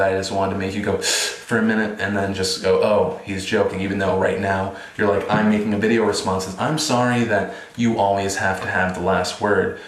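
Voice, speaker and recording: Sarcastic young man in an echoey room. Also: fairly low pitch. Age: 20s. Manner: mock-apologetic, sarcastic. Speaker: vlogger. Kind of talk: sarcastic casual vlog.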